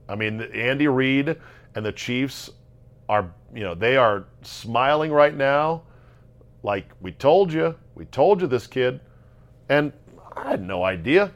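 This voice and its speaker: A man hosting a solo sports talk show, ranting sarcastically about football results and jumping between loud outbursts and low muttering. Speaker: sports podcast host. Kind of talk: casual solo sports commentary.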